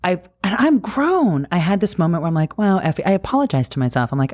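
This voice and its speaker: A woman host in an emotional, casual heart-to-heart chat, animated and swearing freely. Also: low voice, fast talker, hardly any pauses. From New Jersey.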